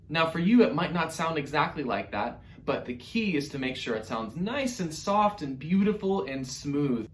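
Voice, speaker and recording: A man's voice: on the high side, animated, measured pace. A man teaching an online music lesson to young children, upbeat and encouraging as he speaks straight to the kids. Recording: roomy echo with faint music.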